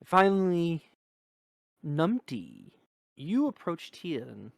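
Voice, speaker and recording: A man running a tabletop game as game master, narrating slowly with halting pauses. His voice is recorded dry and close to the mic. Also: a little high, big pitch swings, gravelly, no room sound. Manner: slow, halting with fillers.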